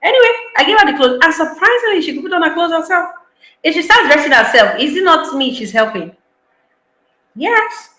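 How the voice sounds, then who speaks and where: A woman's voice: very high-pitched, sing-song, fairly quick, bright, forceful tone, reverberant, rough recording. A woman giving an online parenting talk, emphatic, repeating key lines and acting out parents' voices. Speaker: parenting speaker.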